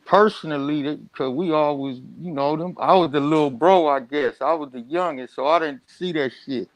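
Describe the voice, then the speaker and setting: A man's voice: fairly high pitch, moderate pace, no room sound, poor audio. A man chatting casually over his phone, easygoing and apologetic about a bad connection. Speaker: cast member guest. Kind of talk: casual chat.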